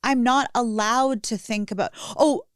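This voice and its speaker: A woman's voice: medium pitch, moderate pace, no room sound. Blunt, candid woman in a dry studio. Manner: blunt, swears freely, laughs often. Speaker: podcast co-host, guest. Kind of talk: candid recovery conversation. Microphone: studio podcast mic.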